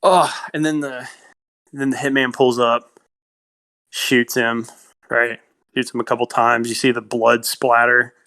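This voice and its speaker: A young man chatting casually on a film podcast. He talks in a mid-pitched voice and retells scenes with animated energy, slipping into quick acted-out lines. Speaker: podcast co-host.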